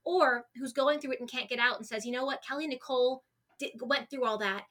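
A woman's voice: high-pitched, fairly quick, sharp tone. A woman in her twenties speaking as a podcast guest, open and emotional, often restarting her sentences. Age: 20s. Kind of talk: candid conversational interview.

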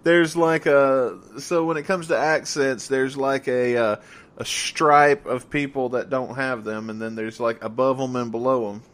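A man co-hosting a podcast in loose, casual chat, stumbling over his words and laughing easily. His voice sits at an ordinary middle pitch. He is from the American South. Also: steady tone, unhurried, a bit bright. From United States, the South. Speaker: podcast co-host.

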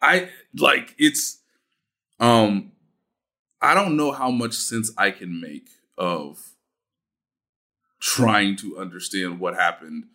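A man's voice: on the low side, slow pace, long pauses, pushed and bright. A man co-hosting a casual sports talk show, reflective and hesitant with many fillers. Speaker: sports podcast co-host.

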